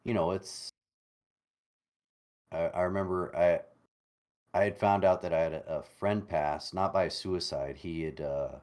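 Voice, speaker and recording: Podcast guest: man, late 30s, with a very low, deep voice. His talk is thoughtful, halting and full of restarts. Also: fairly even intonation, darkish tone. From United States. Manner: reflective, halting, repeats words while searching. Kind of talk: casual conversation over a call.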